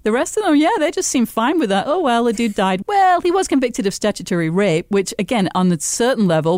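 A woman's voice: medium pitch, darkish tone, no echo, studio quality. A woman co-hosting a podcast, giving wry, opinionated takes on a TV episode in casual chat. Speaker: podcast co-host.

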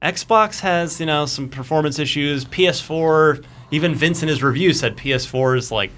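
A man's voice: on the high side, normal speed. A man hosting a casual podcast chat, joking around and leading into each segment. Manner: animated, joking, introduces segments. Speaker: podcast host.

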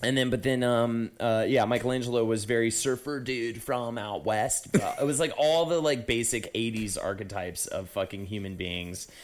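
A man co-hosting a podcast in loose, casual chat, swearing and filling pauses with "uh" and "um". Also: medium pitch, fairly even intonation. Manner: chatty, loose, swears, lots of fillers. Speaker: podcast co-host.

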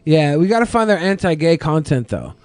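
A man's voice: on the high side, big pitch swings, brisk, darkish tone, no echo. A man co-hosting a podcast in casual chat, opinionated and full of "like" fillers. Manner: opinionated, filler-heavy, lots of "like". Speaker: podcast co-host.

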